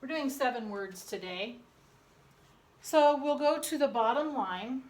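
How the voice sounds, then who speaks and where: A woman teacher dictating a spelling lesson to young pupils, slowly sounding out each syllable. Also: high-pitched, expressive, a little mellow. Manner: slow, deliberate, sounding out syllables. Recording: echoey room.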